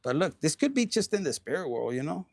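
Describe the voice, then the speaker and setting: A man doing a casual, animated tarot reading, swearing often and slipping into Spanish slang. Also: fairly high pitch, quick pace, creaky, a little hiss or hum. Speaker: tarot reader.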